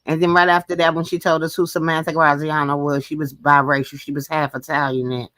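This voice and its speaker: Bright, dry-sounding panelist voice. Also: mid-range voice, level tone, a little fast, dry recording. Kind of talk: casual panel chat.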